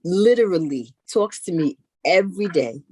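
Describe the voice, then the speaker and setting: A middle-aged woman chatting casually as an interview guest, telling animated stories. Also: on the low side, normal speed, husky, no echo. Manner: animated, acts out others in her stories. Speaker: guest, knitwear maker. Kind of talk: casual storytelling chat.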